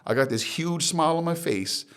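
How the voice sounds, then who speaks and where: A man's voice: a little high, fairly quick, clean tone. A man from Hawaii, a podcast guest, telling his life story candidly and acting out the dialogue he quotes. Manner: animated retelling, acts out quoted dialogue.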